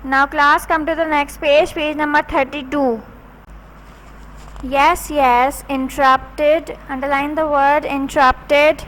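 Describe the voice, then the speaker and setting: Slow high-voiced woman teacher. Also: little pitch movement, a bit bright, slight background noise, rough recording. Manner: slow, spells words letter by letter and repeats them. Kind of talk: classroom reading lesson with spelling drills.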